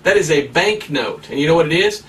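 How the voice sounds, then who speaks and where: Fiery high-voiced male preacher. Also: animated, brisk, a bit bright, recorded from a distance. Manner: fiery, emphatic preaching with rhetorical questions. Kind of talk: sermon.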